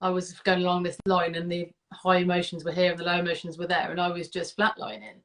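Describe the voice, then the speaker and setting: A woman's voice: on the low side, little pitch movement, fast. A woman guest in an interview, talking in a chatty, emphatic way and often seeking agreement with "isn't it?". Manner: chatty, emphatic, seeks agreement with tag questions. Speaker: guest, client. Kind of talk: casual interview chat.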